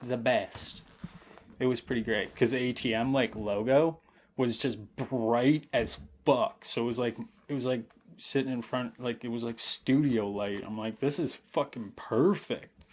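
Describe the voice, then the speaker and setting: A man's voice: mid-range voice, steady tone, a little slow, slight background noise. A young man telling a rambling, profane story on a late-night livestream, laughing often and sounding intoxicated. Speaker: streamer.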